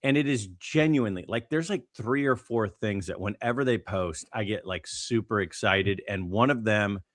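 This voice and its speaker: A man co-hosting a casual podcast, telling stories in an animated way with lots of fillers and restarts. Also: fairly low pitch, moderate pace, dry recording, clean studio sound. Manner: animated, storytelling with many fillers. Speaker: podcast co-host.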